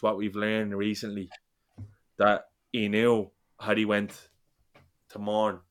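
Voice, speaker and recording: A man holds forth in a casual football fan chat. His voice sits low and barely rises or falls, even as he gets passionate and rambling. He swears freely as he talks.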